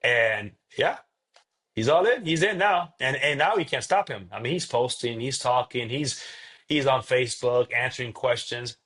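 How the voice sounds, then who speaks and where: A man's voice: mid-range voice, moderate pace, fairly bright tone. A man, a pastor who is a podcast guest, telling a story in casual conversation and acting out the quoted dialogue.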